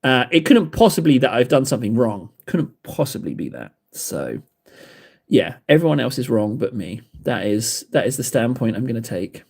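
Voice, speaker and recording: A man's voice: mid-range voice, sing-song, normal speed, creaky, a little mellow, husky. A man hosting a livestream, chatting with viewers while painting models, rambling and self-mocking, laughing often. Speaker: livestream host painting miniatures. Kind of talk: casual chat with live chat.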